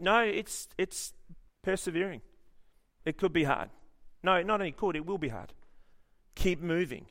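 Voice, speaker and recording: A man preaching a sermon in church, telling stories in an animated way, joking and often restarting his sentences. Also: mid-range voice. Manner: animated storytelling with jokes and frequent restarts. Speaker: pastor.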